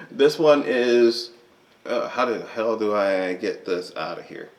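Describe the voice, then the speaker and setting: A man talking unscripted to the camera about his movie collection, rambling and animated, with frequent fillers and self-corrections. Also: mid-range voice, very slow. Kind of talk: unscripted casual vlog.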